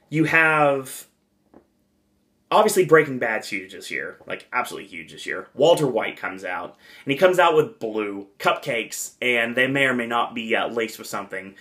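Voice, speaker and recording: Rambling enthusiastic man at mid pitch. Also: lively intonation, unhurried, pushed and bright. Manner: rambling, enthusiastic, many fillers. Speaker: podcast host reviewing a theme park event. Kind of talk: casual podcast review.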